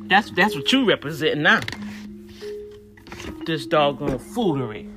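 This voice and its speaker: A woman's voice: low-pitched, animated, measured pace, over music. A woman in her fifties giving heated, indignant commentary straight to her viewers, often repeating words as she gets worked up. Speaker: vlogger.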